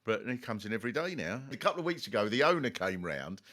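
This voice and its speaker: Middle-aged guy hosting a comedy podcast, ranting stories, bright tone, jumps all over the place. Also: fairly low pitch, fast talker. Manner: animated ranting storyteller, sudden yelps and swearing. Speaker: podcast host. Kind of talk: comic conversation.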